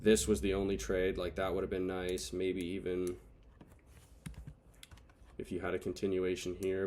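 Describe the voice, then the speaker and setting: A man's voice: low-pitched, monotone, normal speed, pauses often, a little mellow, slight background noise. A man recapping his day trades over charts, frustrated and swearing as he thinks aloud. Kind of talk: casual screen-recorded trade recap.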